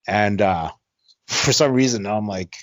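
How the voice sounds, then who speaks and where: A man's voice: fairly low pitch, slow pace, dry recording. A man co-hosting a podcast, telling a story in casual chat, rambling and laughing, with many fillers and repeated words. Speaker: podcast co-host.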